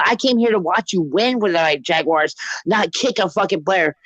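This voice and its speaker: Brief: excitable podcast co-host, higher-pitched, cursing through a tall tale. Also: male voice, moderate pace, no echo, low-quality recording. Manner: profane, boastful storytelling. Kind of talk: casual sports chat.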